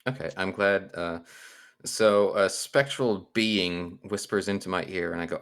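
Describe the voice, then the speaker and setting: A man's voice: deep voice, unhurried, a bit bright. A man playing a tabletop game over a voice call, giggly and rambling, often restarting his phrases.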